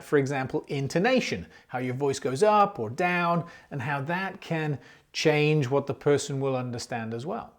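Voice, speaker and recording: An English teacher gives a lesson in a clear, patient way. The intonation rises and falls a lot. Example questions are spoken aloud between the explanations. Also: medium pitch.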